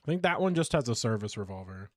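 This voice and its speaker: A man's voice: medium pitch, very animated, fast, no echo, studio quality. A man streaming a game live, chatty and self-mocking as he talks through his play. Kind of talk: live gameplay commentary.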